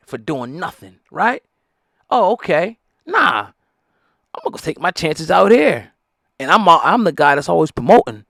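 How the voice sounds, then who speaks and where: A man's voice: on the high side, no room sound, studio quality. A middle-aged man, giving heated, blunt, profane commentary. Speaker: hip hop news commentator. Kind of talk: opinionated commentary.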